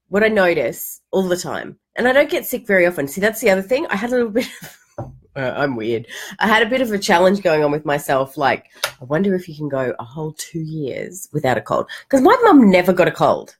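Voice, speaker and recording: An Australian woman hosting a live stream, hoarse from a cold, talking in a chatty, candid way with quick restarts and the odd swear word. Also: fairly low pitch. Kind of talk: casual motivational live chat.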